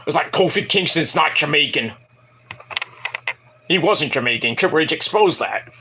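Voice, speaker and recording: A man's voice: fairly high pitch, normal speed, creaky, background noise. A man casually reviewing a wrestling show in a vlog, rambling, profane and opinionated. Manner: animated, bursts into put-on voices.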